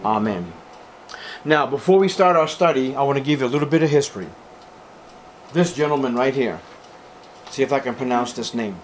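A man preaches to his congregation with fervent emphasis, his voice jumping loud and high on key words. His pitch sits in the middle range. A faint hiss runs under the recording. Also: a little fast, long pauses. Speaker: pastor. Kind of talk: sermon.

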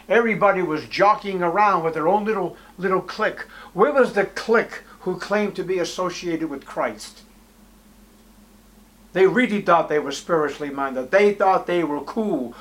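A somewhat high-voiced male preacher working through a Bible passage. He reads old-style scripture aloud and presses his listeners with rhetorical questions. His delivery rises to loud, pointed peaks and drops to hushed asides. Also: animated, measured pace. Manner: reads scripture aloud in King James wording. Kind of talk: expository sermon.

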